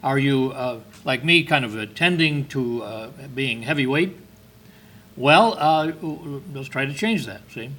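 An expressive, sharp-toned male voice in the mid range delivers a sermon at a measured pace. The conversational preaching features rhetorical questions, emphatic lifts, and scripture readings in King James wording.

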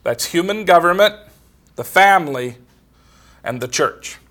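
Bright-voiced man preaching a sermon. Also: high-pitched, expressive, measured pace. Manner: plain storytelling, quoting others in conversation.

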